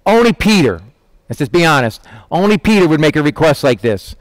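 A man preaching with a fairly high, animated voice, recorded close and dry with no room sound. He keeps his sermon conversational, checks in with his listeners and jumps into little voices for the people he quotes. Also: quick pace, no echo. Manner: lively, acts out quotes in voices, asks "right?".

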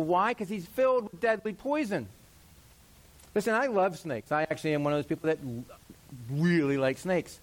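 Self-deprecating jokes and rapid acted-out voices mark this middle-aged male pastor's sermon. He sounds conversational and animated, and his voice sits noticeably high.

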